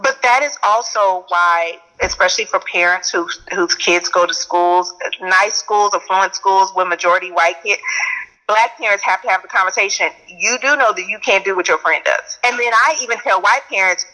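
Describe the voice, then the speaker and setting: A woman's voice: mid-range voice, sharp tone, low-quality recording. A woman from Texas with a Texan accent, an educator talking earnestly in casual conversation, repeating phrases for emphasis. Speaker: educator, guest.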